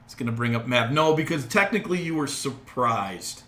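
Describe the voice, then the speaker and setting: A man's voice: mid-range voice, expressive, moderate pace, a bit bright. A man narrating as game master of a tabletop game, with loose, laughing asides.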